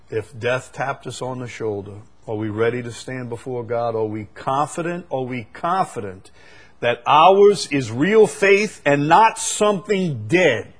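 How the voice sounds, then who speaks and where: A man preaching a sermon, moving from quiet, conversational explanation to loud, emphatic, repeated declarations. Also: mid-range voice. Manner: swings from quiet explaining to shouted emphatic climaxes.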